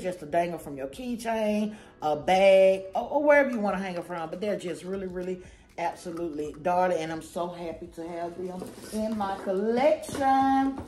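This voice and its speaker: A woman's voice: lowish voice, darkish tone, reverberant. A woman hosting her own channel, chatting casually and goofily to camera about a shopping haul, rambling with lots of slang. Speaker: channel host.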